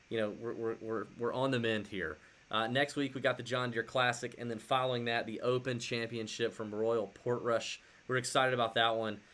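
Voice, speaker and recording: Bright-voiced man hosting a golf podcast. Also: medium pitch. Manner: animated storytelling, many fillers and restarts. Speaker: podcast co-host. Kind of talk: casual sports podcast chat.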